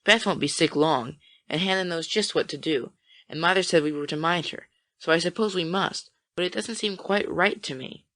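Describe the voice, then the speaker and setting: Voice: medium pitch, normal speed, a bit bright, lightly acted. An audiobook reader voicing an anxious, dutiful young woman, the eldest sister, in a storybook. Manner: anxious, earnest.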